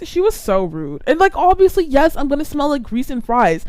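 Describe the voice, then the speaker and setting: A woman's voice: sits high, animated, fairly quick, few pauses, darkish tone, no room sound. A young adult woman hosting a podcast, ranting casually and with exasperation, full of "like" fillers. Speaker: podcast host.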